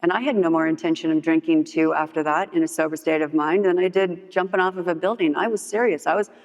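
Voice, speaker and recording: Talking fast, a woman gives personal testimony at a recovery meeting, candid and humorous, peppering her speech with "like." She's an animated storyteller who plays out others' lines in a higher voice. The recording echoes with the long reverb of a large meeting hall.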